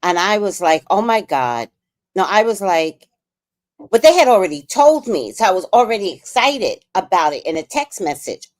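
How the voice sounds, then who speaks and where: A woman's voice: medium pitch, very animated, normal speed. A middle-aged woman and grandmother hosting a casual livestream chat, talking bluntly with profanity and telling family stories. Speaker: livestream host.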